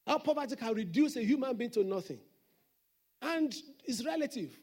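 High-voiced man preaching emphatically. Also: lively intonation, moderate pace, darkish tone, husky. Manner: emphatic preaching with repeated declarations. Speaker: senior pastor. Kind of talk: Sunday sermon.

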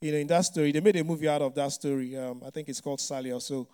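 A man's voice: fairly high pitch, fairly even intonation, very fast, dark tone, clear, resonant tone. A male pastor giving a conversational sermon, full of "you know" asides and frequent light chuckles. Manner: chatty, many "you know" fillers, chuckles often.

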